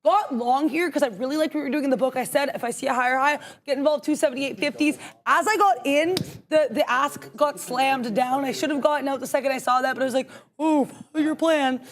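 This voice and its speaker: A young woman calls her trades aloud on a live stream, talking quickly and emphatically and pushing her voice high when she gets excited. She thinks out loud and argues with herself before committing to a trade. The delivery is fast, animated market commentary. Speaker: co-host trading live.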